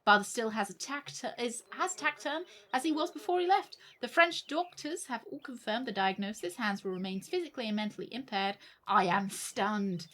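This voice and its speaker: A woman streamer reads game text aloud on a live stream, breaking off for wry, sweary jokes. Her voice sits a little high and sounds bright and sharp. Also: expressive, a little fast, hardly any pauses. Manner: wry, with sweary joking asides.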